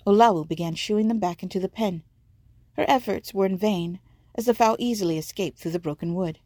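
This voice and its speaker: A woman reading a story aloud in a measured, vivid narrating manner. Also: medium pitch, warm tone, no echo, clean studio sound. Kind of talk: scripted audiobook narration.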